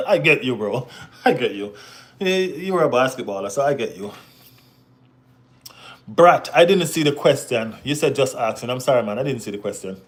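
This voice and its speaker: Male streamer host, casual banter with chat, middle pitch, keeps saying "you know what I mean". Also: animated, normal speed, pauses often. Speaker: football channel host reading live chat.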